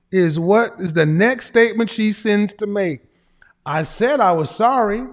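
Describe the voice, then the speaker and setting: A man's voice: high-pitched, expressive, a little slow. A man giving casual livestream commentary in a blunt, emphatic, profane lecturing manner. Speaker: streamer and commentator.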